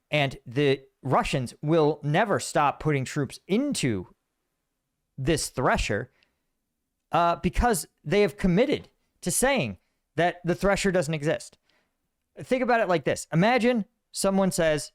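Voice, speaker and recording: A man's voice: a little high, measured pace, no echo, clean studio sound. A man talking through military analysis in a casual monologue, acting out quoted voices along the way. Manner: animated, acts out quoted voices. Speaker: commentator.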